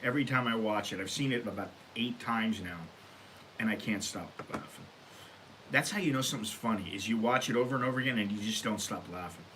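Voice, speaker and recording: An American man hosting his own vlog, talking casually and bluntly, rambling and working himself up into loud rants. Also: lowish voice, a little fast, a little hiss or hum. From United States. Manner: rambling, blunt, gets worked up and loud when ranting. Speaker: vlog host. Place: Thailand.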